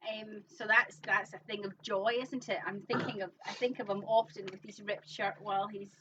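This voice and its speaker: A woman's voice: medium pitch, level tone, moderate pace. A woman co-hosting a live show, chatting casually and rambling with fillers. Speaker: co-host of a live online show. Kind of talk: casual chat. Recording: distant, dull, faintly noisy.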